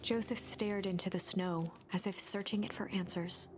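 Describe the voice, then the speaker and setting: A woman narrating a storybook game in a soft, hushed, often whispered delivery, with game music behind her. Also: medium pitch, steady tone, normal speed, noisy background, close to an everyday voice.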